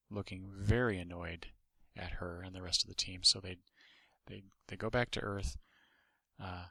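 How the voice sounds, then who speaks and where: A man with a low, gravelly voice that stays bright and edgy, casually reviewing a comic. He rambles through restarts and asides. The recording is dry and close. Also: no echo. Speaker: podcast host and comic reviewer.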